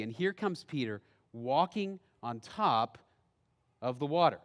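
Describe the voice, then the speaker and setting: A male pastor with a high, bright-toned voice preaches in a church sanctuary. Long reverb trails his words through the hall. His delivery swings between loud, animated outbursts and quiet, drawn-out lines. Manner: storytelling, swinging from loud outbursts to hushed, slow phrases. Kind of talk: sermon.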